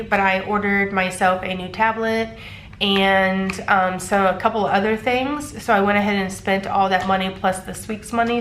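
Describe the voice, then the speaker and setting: A stuffy-nosed woman in her thirties chats easily as she counts out cash, with lots of little ums along the way. Her voice sits at a middle pitch and rings off the walls of an echoey room. A faint hum of room noise sits under her voice. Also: a bit bright. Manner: chatty, frequent ums, counting bills aloud. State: congested. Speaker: cash budgeting vlogger. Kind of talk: casual chat.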